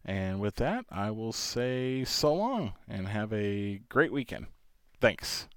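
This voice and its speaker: Man from New York, rambling casual podcast talk, low voice with lively ups and downs, dry close sound. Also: takes it slowly, clear, resonant tone, no room sound. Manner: rambling and chatty, laughs often. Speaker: podcast host, father. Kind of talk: casual solo podcast monologue.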